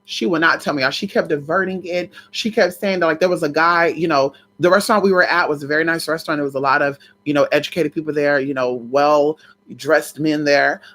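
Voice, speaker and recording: A woman with a somewhat low voice tells a personal story straight to her viewers. She is animated and salty-mouthed, and she keeps calling out to the audience as "y'all". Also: fairly quick. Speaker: vlogger telling a personal story. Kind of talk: casual storytime.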